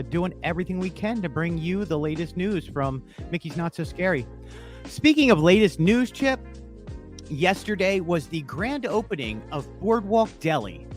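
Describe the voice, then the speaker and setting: Male podcast co-host, casual chat, animated, fairly high voice, lively pitch. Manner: animated, chatty, with frequent fillers.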